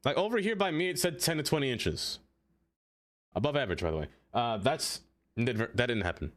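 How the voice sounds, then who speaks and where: A man's voice: on the high side, wildly swooping pitch, brisk. A man streaming live in casual chat, rambling and answering viewers by name, with lots of "like" fillers. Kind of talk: casual live-stream chat while playing a city-building game.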